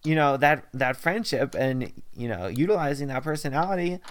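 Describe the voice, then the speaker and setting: A man's voice: mid-range voice, lively intonation, normal speed. A young man co-hosting a casual debate podcast, blunt and matter-of-fact, with a joking streak. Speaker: podcast co-host.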